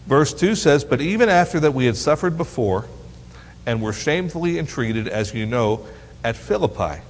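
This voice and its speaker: A man teaching a Bible lesson to teens, reading verses aloud and quizzing his listeners with playful questions. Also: mid-range voice. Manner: asks the audience questions, teasing and lively. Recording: long hall reverb.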